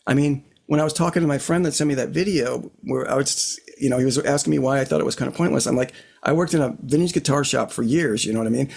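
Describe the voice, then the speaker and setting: A man's voice: medium pitch, very fast, vocal fry, hardly any pauses, darkish tone. A middle-aged man co-hosting a casual guitar chat, talking in a rambling, reflective way with frequent "you know what I mean" asides into his own desk mic. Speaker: podcast co-host. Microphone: own desk microphone.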